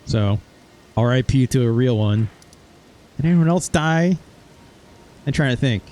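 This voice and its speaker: A man narrates a casual let's-play, rambling through a recap of his playthrough and swearing offhandedly. His voice is mid-range and a little mellow, with lively intonation and a slightly slow pace.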